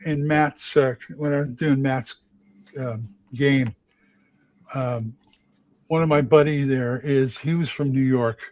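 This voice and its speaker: A man's voice: mid-range voice, steady tone, slow pace, a little mellow, no echo. A man chatting casually on a live show, telling rambling stories about his stage acting with many restarts. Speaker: regular of a live chat show, stage actor. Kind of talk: casual chat.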